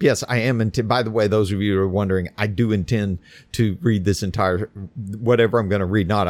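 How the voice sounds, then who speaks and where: A man's voice: medium pitch, no echo. A man hosting a podcast, giving sarcastic, ranting commentary on the news. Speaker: podcast host.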